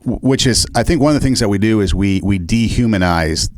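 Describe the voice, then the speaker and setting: Man podcast co-host, low voice, dry sound, reflective talker. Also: lively intonation, fairly quick, no room sound. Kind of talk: casual conversational chat.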